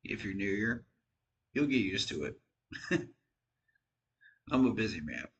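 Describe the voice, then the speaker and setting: A man's voice: fairly low pitch, big pitch swings, measured pace, fairly bright tone, highs cut off, slight background noise. A tired man giving casual, frank football commentary on his own channel, rambling and poking fun at himself. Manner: rambling, frank, self-deprecating. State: tired, yawning. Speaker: sports fan vlogger.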